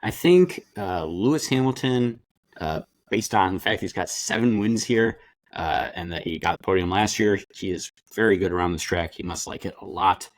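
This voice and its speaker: A man co-hosting a podcast in casual chat, talking in a measured, hesitant way with frequent uhs. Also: low-pitched. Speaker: podcast co-host.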